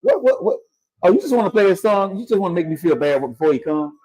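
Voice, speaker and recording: A man's voice: high-pitched, fast, rough recording. A man hosting a talk show in a studio, joking and hyping up his guest. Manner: animated, joking, hypes up the guest. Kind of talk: casual talk-show banter.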